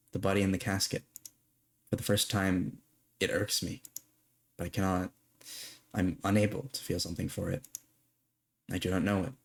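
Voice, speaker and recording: A man voicing a weary, guarded female undertaker in a low, hushed inner monologue for a story game. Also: gravelly, breathy edge, heavily acted.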